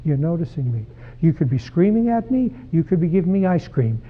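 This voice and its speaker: Man voicing an attention-seeking youngest kid, flippant and uncaring, husky, tinny. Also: on the high side, very animated, fairly quick. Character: attention-hungry youngest child. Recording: tinny phone-like sound.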